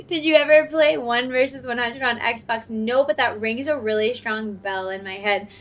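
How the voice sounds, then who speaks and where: A young woman streamer chatting and giggling her way through a video game, with a self-mocking, casual manner. Her voice sits fairly high, and soft game music runs underneath. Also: moderate pace, hardly any pauses. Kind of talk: casual gameplay commentary.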